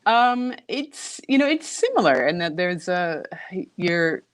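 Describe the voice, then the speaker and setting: A woman's voice: on the low side, sing-song, takes it slowly, no room sound. A woman in her forties, a guest on a book podcast, talking hesitantly with many ums and frequent laughs. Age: 40s. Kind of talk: casual chat.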